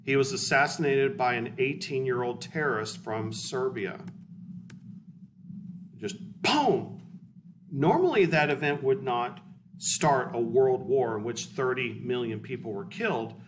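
A man's voice: medium pitch, normal speed. A male history teacher giving a casual, blunt, conversational lecture in a classroom. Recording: distant mic with faint hiss.

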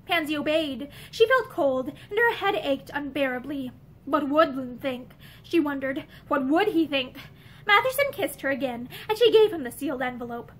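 A woman reading a novel aloud in a measured, expressive storytelling manner. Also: high-pitched. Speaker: reader. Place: indoor room with bookshelves.

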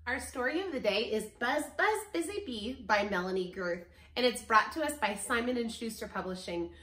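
Woman music teacher for young kids; gentle and animated, high pitch, slow pace, echoey room at home. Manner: gentle and animated, asks children questions. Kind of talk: children's music lesson and story reading.

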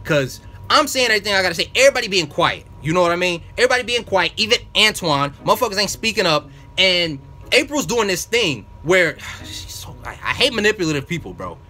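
A man's voice: high voice, sing-song, fairly quick, bright, forceful tone. A man telling a workplace story as a profane, exasperated casual rant, full of slang. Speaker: vlogger.

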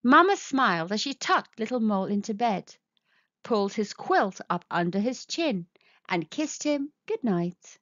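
A woman reading a children's storybook aloud in a slow, sing-song, expressive way. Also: medium pitch, no room sound. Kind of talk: children's read-aloud narration. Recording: dull lo-fi sound.

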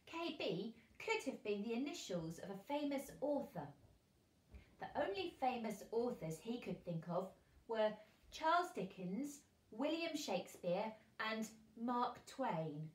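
Expressive woman teacher reading a storybook. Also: a little high, takes it slowly, roomy sound. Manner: expressive reading, lively character voices. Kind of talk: storybook read-aloud for children.

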